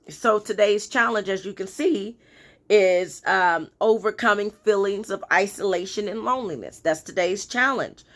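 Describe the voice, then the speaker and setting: A middle-aged woman from the United States talks casually through a daily energy reading as a spiritual life coach. She is chatty and warmly informal, and she breaks into excited outcries now and then. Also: mid-range voice.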